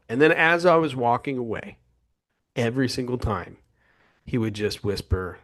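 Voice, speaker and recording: Podcast host guy, mid voice, tells stories, reflective but gets animated. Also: medium pitch, unhurried. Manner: storytelling, reflective, animated when telling stories. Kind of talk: podcast interview.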